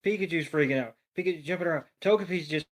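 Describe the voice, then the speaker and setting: A man on a podcast, recapping a cartoon in an animated way, swearing freely and acting out characters' lines. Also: a little high, racing. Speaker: podcast co-panelist. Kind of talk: casual episode recap.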